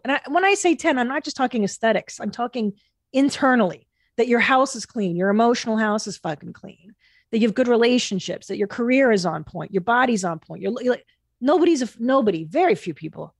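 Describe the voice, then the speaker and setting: A woman hosting a podcast in casual chat, blunt and animated, swearing freely. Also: on the high side, brisk, no echo, clean studio sound. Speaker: podcast host.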